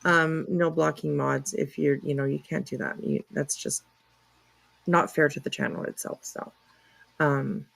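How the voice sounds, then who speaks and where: A woman's voice: low-pitched, steady tone, measured pace, gravelly. A woman hosting a casual livestream, chatting and reacting to comments in an apologetic, talkative way, with casual swearing. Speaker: livestream host.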